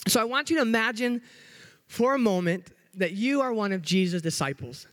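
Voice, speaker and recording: A young man with a notably high voice delivers a church sermon as a youth pastor. He is bubbly and hyper, cracking jokes with the congregation and working to keep his pace in check. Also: expressive, a bit bright. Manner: hyper, upbeat and joking, trying to slow down. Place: church sanctuary.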